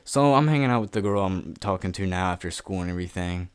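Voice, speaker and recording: A man's voice: deep voice, fast, clear, resonant tone. A young man telling a story to camera in a casual vlog, blunt and full of swearing. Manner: profane, blunt and offhand. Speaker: YouTuber.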